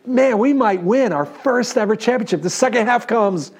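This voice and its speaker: A man in his thirties with a New York accent, preaching a sermon and telling a story in an animated way, often checking in with the congregation. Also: high voice, moderate pace, husky. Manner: animated, talks to the audience with "right?". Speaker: pastor.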